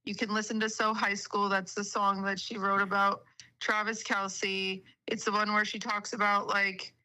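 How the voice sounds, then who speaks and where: A woman's voice: mid-range voice, flat delivery, normal speed, bright, forceful tone, poor audio. A woman guest on a live stream, chatting in a playful, giggly way. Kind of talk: casual chat.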